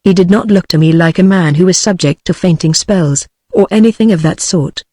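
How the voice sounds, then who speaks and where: A woman's voice: fairly low pitch, fairly quick, warm tone, dry recording, clean studio sound, lightly acted. A text-to-speech woman's voice with a British accent voicing a concerned male ship's captain, in her usual voice. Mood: grave. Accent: British English. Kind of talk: synthetic text-to-speech book reading.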